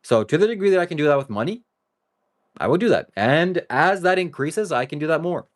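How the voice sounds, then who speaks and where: A man live-streams to his viewers in a loose, rambling monologue. His pitch moves a lot and his tone swings between joking and earnest. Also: animated, a little fast. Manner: talks straight to viewers. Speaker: livestreamer.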